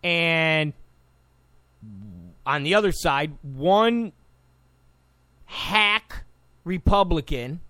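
A man's voice: fairly high pitch, drawn-out words, pauses often, sharp tone, clear, resonant tone, no echo. A man delivering a combative, sarcastic political monologue, repeating points for emphasis. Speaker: political commentator. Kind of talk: opinionated monologue.

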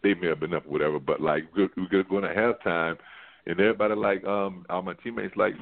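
A low-voiced man tells a loose, winding story, tripping over restarts and leaning on "like" as he goes. He comes through a thin, tinny phone line. He sounds like a former player swapping stories as a sports-show guest. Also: a little fast, gravelly. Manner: rambling, animated anecdote full of "like" and restarts.

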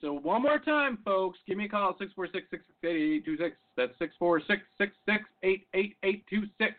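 A middle-aged man hosting a comedy show, rambling and self-mocking, with loud hype bursts. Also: high voice, fairly even intonation, fairly quick. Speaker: comedy podcast host. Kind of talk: comic monologue. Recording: phone-like lo-fi audio.

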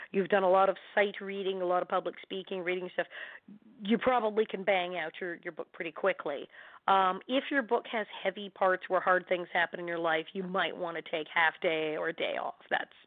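A woman in middle age, an actress and interview guest, tells stories with lively energy and acts out every quote. Her voice is mid-pitched and close, with no room around it. The sound is narrow and tinny, like a telephone call. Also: fairly quick, no room sound. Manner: animated, laughing storyteller who acts out quotes. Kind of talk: casual storytelling chat. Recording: tinny phone-line sound.

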